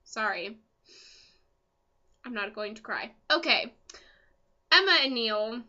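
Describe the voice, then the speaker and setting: A young woman vlogger chatting casually as an excitable fan, full of ums and asides. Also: on the high side, takes it slowly, highs cut off. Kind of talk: casual chat.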